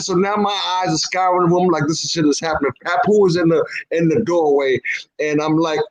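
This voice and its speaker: A man's voice: fairly high pitch, fairly even intonation, fairly quick, poor audio. A man telling a long story in casual chat, full of swearing and stopping often on "whatever". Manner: profane, peppers speech with "whatever". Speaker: podcast co-host.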